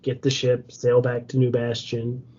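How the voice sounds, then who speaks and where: A man's voice: medium pitch, completely flat delivery, measured pace, background noise, lightly acted. A man voicing a menacing, scheming male adventurer who taunts and sneers in a tabletop game. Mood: sneering. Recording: dull lo-fi recording.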